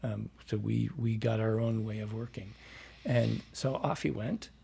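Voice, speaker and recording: In a casual interview, a dialect coach rambles easily through anecdotes, often restarting and leaning on fillers. His lowish voice is mellow with a slight huskiness, and his pace is unhurried.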